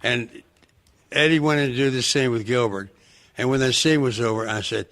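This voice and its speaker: A male guest on a podcast, telling stories in an excitable, rambling way and breaking into loud laughs. His voice sits at an ordinary pitch but sounds bright and forceful. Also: brisk, gravelly. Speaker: guest, actor. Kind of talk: podcast interview, telling anecdotes.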